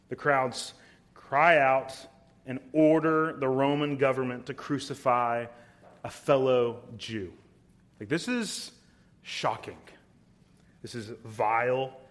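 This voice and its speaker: A man preaching an expository sermon, emphatic and deliberate, reading scripture verses aloud between his comments. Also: medium pitch. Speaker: pastor.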